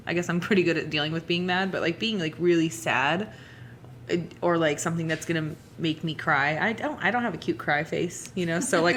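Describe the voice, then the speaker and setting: A young woman hosts a casual podcast in a slightly low voice. She talks frankly and swears freely, rambling through her thoughts with plenty of filler words. A faint hiss sits under the recording. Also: a bit bright. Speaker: podcast host. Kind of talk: casual chat.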